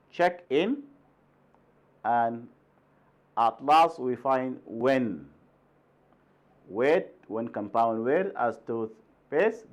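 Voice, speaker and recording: A man from Sudan, a native Arabic speaker, teaching an English lesson, repeating words with strong stress and often asking "right?". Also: mid-range voice. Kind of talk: recorded classroom lesson.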